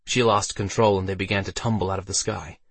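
A man narrating a fantasy audiobook with steady storytelling delivery. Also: low voice, quick pace, breathy edge, no echo.

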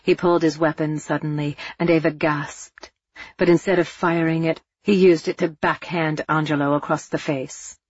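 A woman reading a novel aloud with even, measured pacing. Her voice sits low and husky. The recording is dry and a little dull in tone. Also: no room sound. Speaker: audiobook narrator. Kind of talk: scripted narration.

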